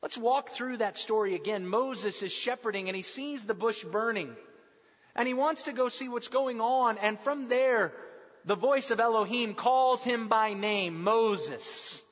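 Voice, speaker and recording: A man with a high voice preaches an earnest sermon, pausing for emphasis. The sound is dull and lo-fi, and a long reverb trails after his words in the hall. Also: fairly bright tone.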